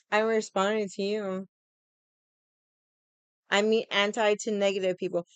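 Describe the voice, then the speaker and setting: A young adult woman airs her grievances to her stream in a clean, mid-range voice with a level tone. She's unhurried and takes long pauses while swearing a lot and sounding exasperated. She mocks others by quoting them in silly voices, and the recording has no room sound.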